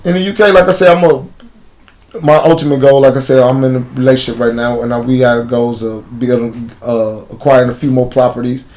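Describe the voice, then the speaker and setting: A man's voice: mid-range voice, flat delivery, fairly quick, darkish tone. A man with a Chicago accent, an interview guest telling stories bluntly in street slang. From United States. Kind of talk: casual interview storytelling.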